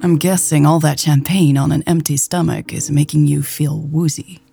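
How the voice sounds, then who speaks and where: A woman voicing a caring, anxious young woman who speaks gently and hesitantly. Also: deep voice, steady tone, normal speed, creaky, slightly rough, faint music behind, exaggerated voice. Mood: concerned, gentle.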